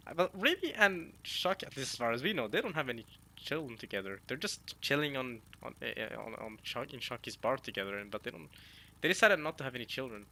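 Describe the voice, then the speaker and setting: Young dude hyped up reacting to manga, slangy, trips over his words, bright voice. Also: medium pitch, fast. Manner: excitable, slangy, many restarts. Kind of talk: casual reaction commentary.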